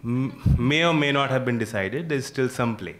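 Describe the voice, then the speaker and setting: A man with an Indian English accent answers as a party leader on a TV panel. His voice is even and mid-pitched. He stays relaxed, dodges the details and slips in a quick one-liner. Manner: relaxed, evasive, quippy. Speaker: party vice president, panel guest. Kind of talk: panel debate.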